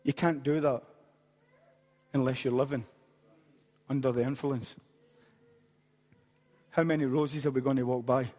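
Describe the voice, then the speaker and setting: A man's voice: medium pitch, fairly even intonation, unhurried, long pauses, darkish tone. A man, preaching a sermon as a pastor and telling a story with humorous asides. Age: late 40s. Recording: long hall reverb.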